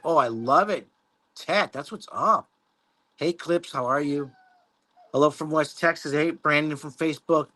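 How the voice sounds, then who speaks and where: A man's voice: a little high, moderate pace, pushed and bright. Rambling man chatting on a livestream. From Mexico. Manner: rambling, swears casually, laughs often. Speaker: livestream host. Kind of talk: casual livestream chat reading viewer comments.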